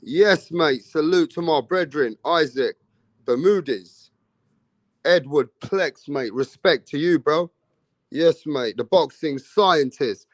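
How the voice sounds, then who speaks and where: A man's voice: a little high, takes it slowly, dry recording. A young man hosting a live boxing stream, calling out viewers by name in casual street slang. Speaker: boxing livestream host.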